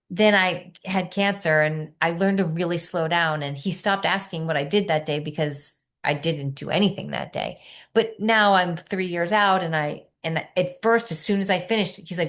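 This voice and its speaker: Encouraging woman coach with a lowish voice. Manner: warm, encouraging and earnest, easing into soft, slow meditation guidance. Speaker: wellness coach leading an online workshop. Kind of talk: live online workshop with guided reflection.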